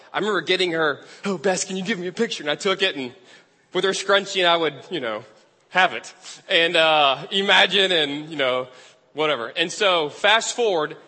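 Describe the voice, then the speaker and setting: A man tells a story from the pulpit in a bright, forceful voice that sits a little high. He talks in a chatty, self-deprecating way, often laughing at himself. The sound rings with the long reverb of a large hall. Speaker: preacher. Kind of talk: storytelling sermon.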